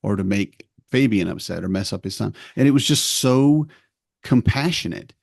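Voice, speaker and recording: Man, middle-aged, podcast co-host, gravelly, low voice, rambling storyteller. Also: animated, normal speed, no echo, clean studio sound. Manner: rambling storyteller, acts out family dialogue. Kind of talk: casual chat.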